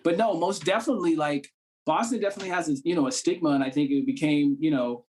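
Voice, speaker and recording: A man's voice: a little high, fast, a little mellow, a little hiss or hum. Easygoing man, chatty podcast guest. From Cambridge, Massachusetts. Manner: loose, street-casual talk full of "you know what I'm saying". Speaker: guest, actor. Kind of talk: casual conversation.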